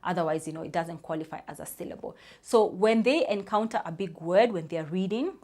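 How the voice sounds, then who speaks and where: A woman's voice: lowish voice, fairly quick, darkish tone. A woman in her thirties, a speech therapist, explaining reading tips to parents in a chatty way, often saying "you know" and spelling out sounds.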